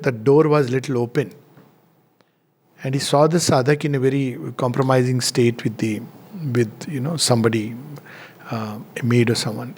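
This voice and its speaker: A middle-aged man giving a spiritual talk, telling anecdotes with frequent chuckles. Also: medium pitch. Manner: chuckles often while telling stories. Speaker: spiritual speaker.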